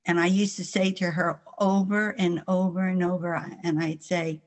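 A woman's voice: fairly low pitch, little pitch movement, normal speed, few pauses. An older woman from New Jersey with a New Jersey accent, a guest author telling earnest faith stories in an interview, laughing now and then as she talks. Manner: earnest, storytelling, laughs while speaking.

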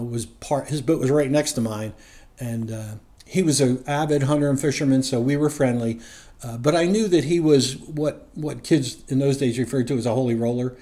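Man from New Jersey telling his story. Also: medium pitch. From New Jersey, USA. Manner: relaxed and rambling, with frequent chuckles. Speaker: guest sharing his faith story. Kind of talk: conversational personal storytelling.

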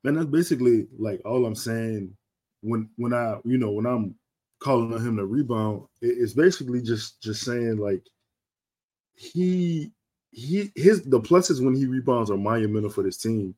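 A man co-hosting a casual podcast, laid-back and halting, often restarting his sentences as he thinks. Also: mid-range voice, expressive, a little mellow. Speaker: podcast co-host. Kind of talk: casual sports and culture chat.

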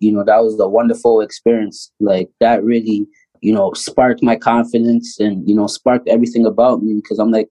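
A Canadian man in his thirties recounts his youth in a loose, conversational flow. His pitch stays mid-range, and he keeps rolling with fillers like "you know" and "like", slipping into voices when he quotes people. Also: poor audio. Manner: animated, fast storyteller full of "you know" and "like", acts out quotes; laughs often while telling his story. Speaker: podcast guest, pro basketball player. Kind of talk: casual storytelling interview.

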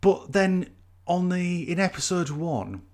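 A man's voice: high-pitched, expressive, takes it slowly, a little mellow. Chatty man explaining. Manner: chatty, explains at length with fillers. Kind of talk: casual chat.

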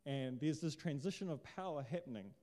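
A man's voice: fairly high pitch, animated, a little fast, mellow. A man preaching a casual sermon, chatty and joking, firing off rhetorical questions. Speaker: pastor. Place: church hall. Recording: long hall reverb.

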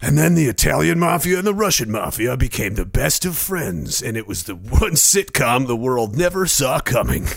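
A man putting on a grave, dramatic movie-trailer narrator voice, slow and solemn. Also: mid-range voice, very animated, gravelly, breathy edge, heavily acted. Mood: ominous.

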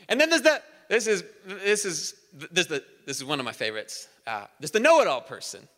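A man preaching a sermon in a church, energetic and conversational, with humor. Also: sits high, brisk, long reverb tail. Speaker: pastor. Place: church auditorium.

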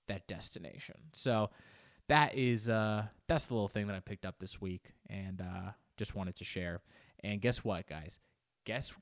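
Rambling, self-mocking young man vlogging. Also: mid-range voice. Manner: rambling, animated, self-mocking humor with frequent restarts. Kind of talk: casual talking-to-camera vlog.

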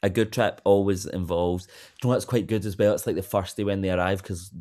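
A young man chatting casually as a podcast guest, rambling and gushing with quick asides and self-interruptions. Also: low voice, fairly even intonation, dark tone. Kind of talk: casual chat.

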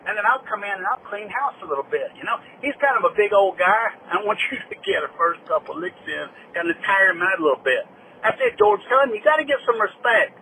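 A rowdy good-old-boy caller, put on by a man, rambling on in a conspiratorial, folksy drawl. The voice sits high and sounds bright and sharp. A faint hiss runs under the voicemail. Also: animated, fast, full character voice, low-quality recording.

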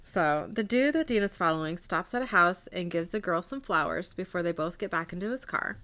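A woman with a bright, ringing voice retells a TV episode for a podcast. She slips the characters' lines in without changing her voice and laughs easily along the way. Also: on the low side, lively intonation, brisk. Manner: reads character lines plainly, giggly. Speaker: podcast co-host recapping a TV episode. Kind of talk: casual chat, retelling scenes.

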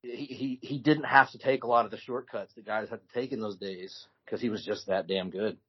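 A man talks casually as a podcast co-host in a husky voice, in relaxed storytelling with frequent restarts. The sound is dull and lo-fi. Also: fairly low pitch, a little fast. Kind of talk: casual chat. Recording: dull lo-fi recording.

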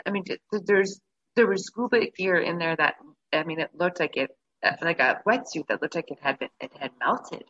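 Low-voiced, bright woman telling a story. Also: normal speed, dull audio. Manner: animated, acts out her own reactions in quotes. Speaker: guest telling a travel story. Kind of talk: casual storytelling.

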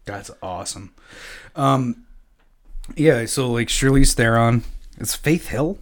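A man's voice: medium pitch, takes it slowly. A man from Canada hosting a podcast, easygoing, laughing often and swearing casually. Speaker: podcast host. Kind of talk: casual chat.

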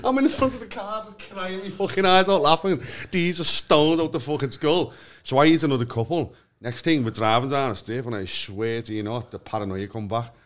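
A man's voice: a little high, brisk. Laughing, swearing storyteller man. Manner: swears constantly, laughs through his stories. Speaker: podcast guest. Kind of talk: casual podcast chat.

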